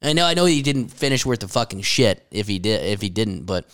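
A man co-hosting a podcast in casual chat, profane and quick to laugh. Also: on the low side, sing-song, a bit bright. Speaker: podcast co-host.

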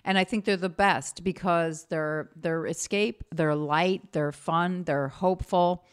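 A woman's voice: fairly low pitch, fairly even intonation, measured pace, smooth. A woman guest in a casual interview, telling rambling personal stories, breaking off mid-sentence and laughing often.

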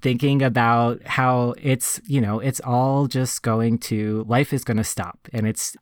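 A man in funeral service casually telling a personal story on a podcast, reflective and relaxed, full of "like" and "you know". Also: mid-range voice, a little slow, dry recording, studio quality.

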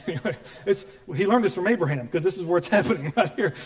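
High-voiced animated man preaching. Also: fast talker. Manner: animated, joking, acts out quoted voices. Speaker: pastor. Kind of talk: sermon.

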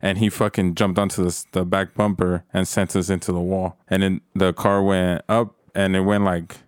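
Young man, low voice, casual chat, rambling profane storytelling, dry close sound. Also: level tone, moderate pace, smooth, no echo.

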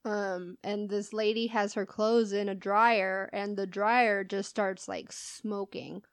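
A woman's voice: mid-range voice, fairly even intonation, slow, clear, resonant tone, dry recording. A woman co-hosting a podcast, telling stories in casual chat, laughing often and swearing as she acts out the people in them. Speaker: podcast co-host.

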